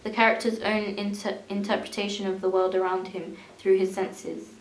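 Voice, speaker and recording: Young woman reading in a flat tone. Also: mid-range voice, normal speed, reverberant, poor audio. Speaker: student presenter. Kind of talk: reading a school media evaluation.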